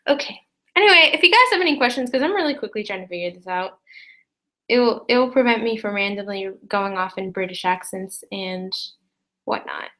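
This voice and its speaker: A teenage girl chatting casually to her viewers, rambling with many fillers and quick apologies. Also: mid-range voice, lively intonation, bright, forceful tone. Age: teens. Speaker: student vlogger. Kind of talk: casual chat to camera.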